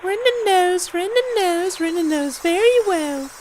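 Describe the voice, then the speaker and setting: A woman's voice: extremely high pitch, lively intonation, unhurried, a little mellow, slight background noise, rough recording. A woman voicing an eerie teenage girl who stalks a frightened boy, in a sweet, sing-song and menacing way. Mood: creepy sweet. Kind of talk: fan voice acting of a game.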